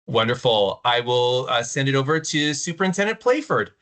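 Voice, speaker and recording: A man's voice: medium pitch, lively intonation, normal speed, a bit bright. Upbeat man running a video call. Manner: upbeat, with fillers. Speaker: assistant superintendent. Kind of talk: virtual meeting chat.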